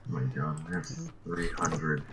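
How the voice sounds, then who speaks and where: Very deep-voiced teasing young man. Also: little pitch movement, measured pace, very noisy. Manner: dry teasing, laughs easily. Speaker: gaming teammate. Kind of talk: casual gaming banter. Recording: keyboard clicks behind voice.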